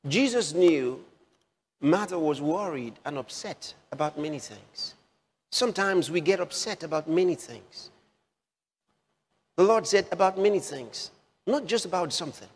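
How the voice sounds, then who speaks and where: A man preaching a sermon, slow and repetitive, with emphatic rises on key phrases. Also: fairly high pitch, animated, gravelly. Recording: long hall reverb.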